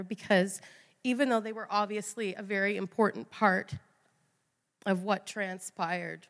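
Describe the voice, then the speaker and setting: A woman giving an emotional personal testimony in an earnest, confessional way. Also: medium pitch. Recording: long hall reverb.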